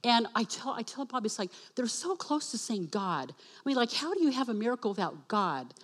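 A woman giving a personal testimony in church as a speaker and worship leader. She acts out the dialogue and spells words out slowly for emphasis. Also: on the high side. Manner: animated storytelling that acts out dialogue.

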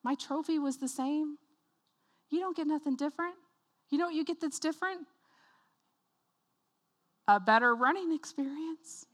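High bright animated woman preacher. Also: moderate pace, pauses often. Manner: animated storytelling, acts out voices, laughs often. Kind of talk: sermon with personal story.

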